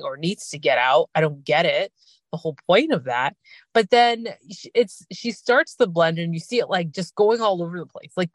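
Lowish-voiced woman rambling a tv recap in her car, dry close sound, lots of little impressions. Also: no echo. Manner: chatty, animated, mimics people in quick asides. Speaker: podcast host recapping reality TV. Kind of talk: casual recap chat.

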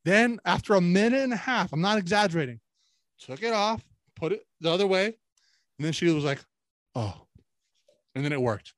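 A man's voice: sits high, lively intonation, a little fast, a bit bright, no room sound. A man co-hosting a crude podcast, telling rambling, profane stories and mimicking people he quotes. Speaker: podcast co-host. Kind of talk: crude casual chat.

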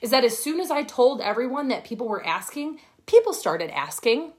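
A woman's voice: a little high, very animated, normal speed, a little mellow. A woman coaching her team on a livestream from her phone, talking in a blunt, profane, fired-up way. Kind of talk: livestream pep talk.

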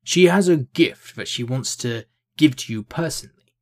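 A man voicing a stern, stoic army captain with a deep voice in a fantasy storybook reading. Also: lively intonation, normal speed, natural voice.

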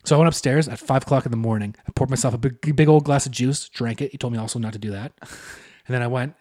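A man's voice: medium pitch, fast talker, warm tone. A young man co-hosting a podcast, telling rambling, profane stories and laughing often. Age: young adult. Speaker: podcast co-host. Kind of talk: casual podcast chat.

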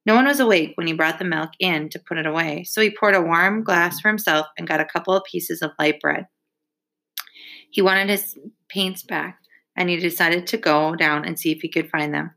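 Female audiobook reader, steady and measured, with a low, forceful voice. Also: vocal fry. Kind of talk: audiobook reading.

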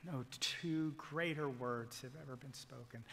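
A male pastor preaching a sermon, swinging from loud proclamation to hushed whispers as he retells a story and quotes people in it. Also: medium pitch, measured pace, gravelly, few pauses, long reverb tail. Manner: quotes figures in a retold story.

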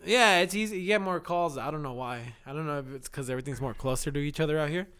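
High-voiced young guy, smooth and loose. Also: quick pace, fairly bright tone. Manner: profane, laughing storyteller acting out voices. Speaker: delivery driver telling a story. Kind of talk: casual chat.

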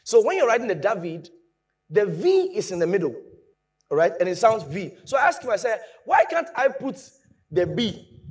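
A man preaching a sermon, explaining with lively emphasis that rises from quiet asides to raised points. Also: sits high, fairly quick, husky.

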